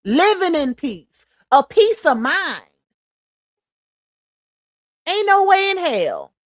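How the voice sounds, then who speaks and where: A high-voiced woman from Louisiana hosts a casual livestream, her pitch swinging widely as she talks bluntly to her viewers. The sound is close and dry. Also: sing-song, slow, dry recording. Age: adult mother. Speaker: livestream host.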